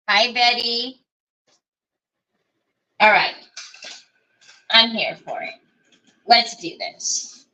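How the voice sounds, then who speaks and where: A woman's voice: a little high, very slow, long pauses, sharp tone, lo-fi sound. A woman hosting a live crafting demonstration, chatting and thinking aloud as she works and greeting viewers by name. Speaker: craft livestream host.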